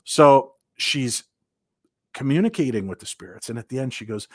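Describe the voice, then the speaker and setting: A man from Minnesota telling paranormal investigation stories as an interview guest, animated and acting out quoted voices. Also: mid-range voice, normal speed, no room sound, clean studio sound. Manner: lively, acts out quoted voices, many restarts.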